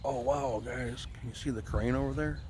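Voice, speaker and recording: A man casually vlogging on a riverside walk with his dog, chatting to viewers and cooing to the dog, sometimes hushed. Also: mid-range voice, steady tone, normal speed, slight background noise. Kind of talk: casual walking vlog. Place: outdoors on a riverside trail. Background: faint birds and outdoor ambience.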